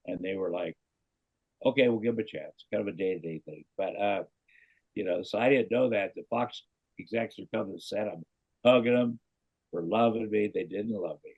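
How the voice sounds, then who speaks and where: A man's voice: low-pitched, moderate pace, husky. A middle-aged man from Iowa, a comedian guest, telling a long anecdote and acting out the voices of the people in it. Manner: animated anecdote teller, acts out quoted voices. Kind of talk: casual storytelling interview. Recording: dull lo-fi podcast audio.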